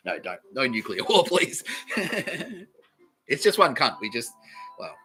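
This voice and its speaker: A man rants through a solo podcast with profane, animated energy, breaking into laughter now and then. His voice is bright and sharp. Faint music sits underneath. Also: mid-range voice, slow pace. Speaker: podcast host. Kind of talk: rambling solo podcast monologue.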